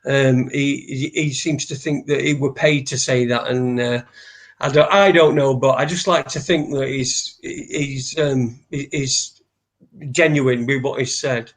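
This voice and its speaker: A man's voice: medium pitch, steady tone, measured pace. A man hosting a casual live show, rambling and restarting his sentences and swearing freely. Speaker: host.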